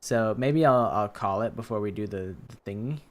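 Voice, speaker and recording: A man's voice: lowish voice, moderate pace. A tired man streaming a game, chatting casually in a rambling, hesitant way that often trails off. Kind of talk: casual gameplay chat. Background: game music.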